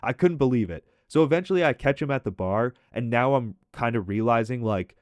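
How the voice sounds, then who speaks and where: A young man casually telling a chaotic story over gameplay, animated and swearing freely as he acts out his own reactions. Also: mid-range voice, brisk, no echo, studio quality. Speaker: storytelling commentary host.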